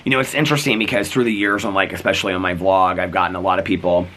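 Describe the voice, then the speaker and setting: Chatty deep-voiced man telling a story. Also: fairly even intonation, racing, bright, forceful tone. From United States. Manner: chatty, full of "like" and "you know", acts out quoted exchanges. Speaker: vlogger. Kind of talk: casual storytelling to camera.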